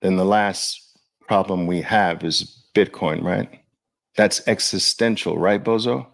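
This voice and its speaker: A man's voice: low-pitched, takes it slowly. A man hosting a podcast in casual livestream talk, chatting loosely and speaking straight to his viewers. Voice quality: gravelly. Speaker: podcast host.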